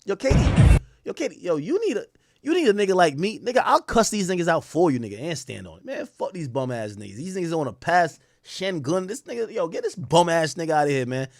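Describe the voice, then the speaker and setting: A young man streaming live, trash-talking basketball players in a loud, profane, excitable way, his voice jumping up and down. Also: fairly quick, no room sound. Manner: loud, profane trash talk with sudden jumps in pitch and volume. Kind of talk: casual live-stream commentary reacting to chat and posts.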